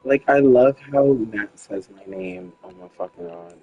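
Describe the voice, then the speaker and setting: A man's voice: medium pitch, unhurried, lo-fi sound. A man chatting casually while streaming a game, rambling and frank, swearing freely with lots of "like". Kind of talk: casual gaming chat.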